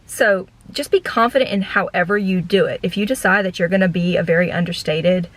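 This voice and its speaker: Woman in her 30s, deadpan storyteller, rambly car vlog chat, filler-heavy. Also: fairly low pitch, poor audio. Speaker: vlogger and former theme park ride guide.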